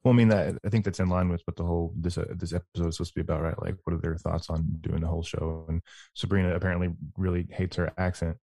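Deep, gravelly male host, mellow and questioning. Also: flat delivery, fast talker, no echo, studio quality. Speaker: podcast host. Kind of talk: casual podcast chat.

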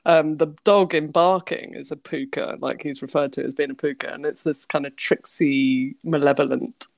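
A woman with a lowish voice chats as a guest on a podcast. She laughs a lot and swears without a second thought. The sound is close and dry, with no room echo. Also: fairly even intonation, normal speed, gravelly. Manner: laughs often, swears freely, chatty. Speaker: comic artist guest. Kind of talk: casual chat.

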